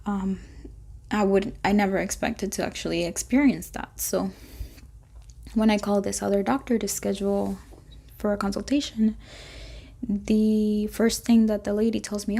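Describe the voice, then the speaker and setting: A woman chatting through a storytime vlog with a gravelly, fry-heavy voice. Her tone is mellow and dark, with little rise and fall. She rambles on and acts out little bits of dialogue. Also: mid-range voice, level tone, moderate pace, pauses often. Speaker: vlogger.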